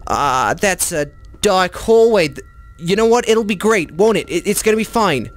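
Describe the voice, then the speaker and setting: A gaming YouTuber playing a VR horror game, chatty and swearing, who talks to the monsters in a mock bro voice and shrieks when scared. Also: male voice, sits high, expressive, moderate pace. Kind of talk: comedic VR horror let's play.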